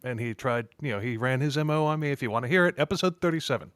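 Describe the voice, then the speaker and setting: This podcast host speaks very fast in a mid-range voice that's fairly bright, clear and resonant. It's a casual chat where he rambles, restarts often and laughs a lot. The recording is dry, with clean studio sound.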